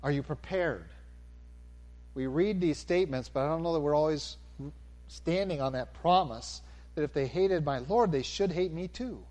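A man preaching a sermon, animated, swinging from near-shouts down to a calm, low delivery. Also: moderate pace.

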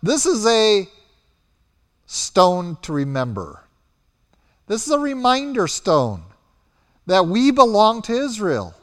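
A man's voice: sits high, a bit bright, clear, resonant tone, long reverb tail, pitched above the performer's own voice, exaggerated voice. A man voicing a group of indignant ancient tribesmen protesting their innocence, in an emphatic, pleading manner.

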